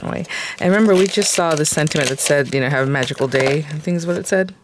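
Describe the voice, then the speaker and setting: A woman's voice: deep voice, quick pace, background noise. Chatty woman crafter thinking aloud. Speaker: craft channel host. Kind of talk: casual crafting tutorial.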